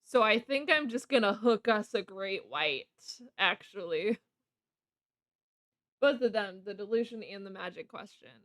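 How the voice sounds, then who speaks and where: A woman's voice: mid-range voice, expressive, measured pace, fairly bright tone, no echo, studio quality. A woman streaming a card game live, chatting casually and giggling often as she rambles. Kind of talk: casual live gameplay commentary.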